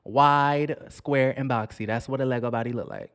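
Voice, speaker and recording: A man's voice: medium pitch, steady tone, moderate pace, a bit bright. A man hosting a casual commentary vlog on reality TV, sassy and chatty, talking straight to his viewers and calling them honey.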